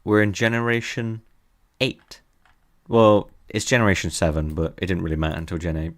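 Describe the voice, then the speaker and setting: A man's voice: deep voice, level tone, moderate pace. A young man streaming from his desk, teasing his chat in a playful, casual way.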